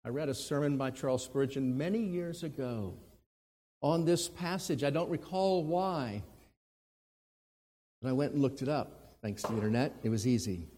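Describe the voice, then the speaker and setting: A man preaching a sermon who swings between forceful, emphatic lines and hushed, quiet ones. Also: mid-range voice, normal speed. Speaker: pastor. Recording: long hall reverb.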